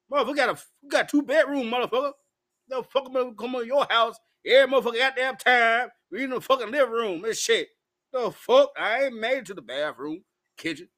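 A man's voice: sits high, fairly bright tone. A drunk man ranting in a profane, rambling monologue, hiccuping as he talks. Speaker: vlogger.

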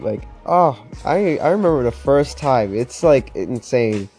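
A young man telling a personal story in a chatty, excitable way to camera, with lots of fillers. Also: medium pitch, measured pace, faint music behind. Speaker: vlogger.

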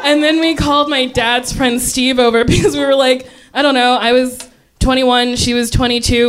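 A woman's voice: on the high side, slight background noise. A woman telling a funny story on stage, often breaking into laughter as she talks. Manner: laughs often while talking. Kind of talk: comedic storytelling.

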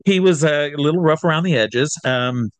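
A middle-aged man from Iowa, an entertainer telling a lively anecdote and acting out the people in it. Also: fairly high pitch, moderate pace, no echo. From Iowa, USA. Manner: lively storyteller who acts out the people he quotes. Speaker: entertainer guest. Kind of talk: animated anecdote.

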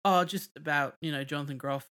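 Casual male podcaster, somewhat high-pitched, loose rambling delivery with fillers. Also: fairly even intonation, a little fast, a bit bright, clear, resonant tone. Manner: rambling, many fillers and restarts. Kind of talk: casual movie review chat.

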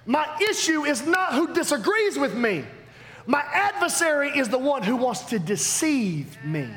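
A man preaching a sermon, animated and emphatic, swinging between loud declarations and hushed asides. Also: very high voice, measured pace. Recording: long hall reverb, faint background noise.

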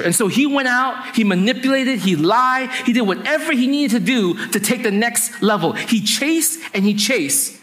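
A man's voice: high-pitched, lively intonation, normal speed, a bit bright. A man preaching a sermon, retelling a story in casual slang and acting out the dialogue. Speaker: pastor.

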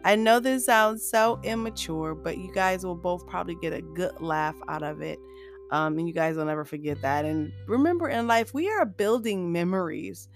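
Chatty woman doing a solo podcast, lots of fry, laughs a lot, faint music behind. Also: fairly low pitch, normal speed. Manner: upbeat, chatty, laughs often while talking; addresses listeners warmly as "you guys". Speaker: podcast host. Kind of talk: solo motivational podcast monologue.

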